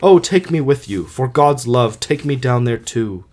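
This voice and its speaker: A man voicing a grieving king in his own middle-pitched voice, reading earnestly for an amateur audiobook. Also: lively intonation, a little slow, darkish tone, natural voice.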